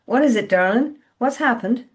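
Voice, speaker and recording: A protective woman friend, firm and reassuring, as a woman reading her novel voices her. She speaks in short steadying phrases, a little higher than the reader's own low voice. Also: animated, normal speed, natural voice. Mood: concerned.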